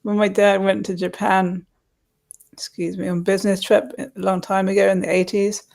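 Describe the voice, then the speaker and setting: A woman chatting on a livestream in a friendly, easygoing way. She repeats words while she hunts for the right one. Her voice has a strong vocal fry, and her pitch sits in the middle. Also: level tone, moderate pace, darkish tone. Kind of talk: casual chat on a livestream.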